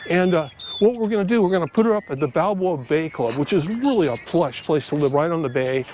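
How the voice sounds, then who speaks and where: Middle-aged male vlogger, high voice, earnest rambling stories, park ambience with faint noise behind. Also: animated, brisk, a little mellow. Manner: rambling, earnest, many fillers and restarts. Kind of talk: casual storytelling to camera. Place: outdoors in a park.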